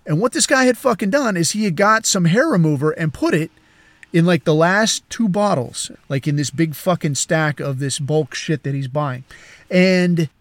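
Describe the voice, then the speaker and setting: A male podcast host spins a long, crude yarn with lots of swearing, tangents and chuckles. His voice sits a bit on the higher side for a man. It is recorded dry and close on a podcast mic. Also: animated, normal speed, dry recording. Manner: profane, rambling, chuckling. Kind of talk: crude casual storytelling.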